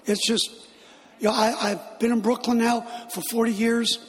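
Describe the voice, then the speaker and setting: A man's voice: very high-pitched, normal speed. Middle aged guy preaching, laughs thru his stories, big echoey hall. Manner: animated, laughing as he tells it. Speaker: guest speaker. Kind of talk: storytelling sermon. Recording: long hall reverb.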